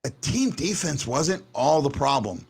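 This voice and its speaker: A man hosting a casual sports fan show, talking in an animated way and stumbling over repeated words as he makes his points. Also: mid-range voice, a little slow, vocal fry, slightly rough. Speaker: host.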